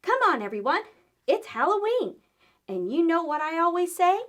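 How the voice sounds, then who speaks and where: A woman's voice: very high voice, normal speed, voice pushed up. Woman doing a bubbly storybook skeleton boy. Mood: cheerful. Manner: eager, excitable, exclaiming. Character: cheerful young male Halloween skeleton. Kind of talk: storybook read-aloud.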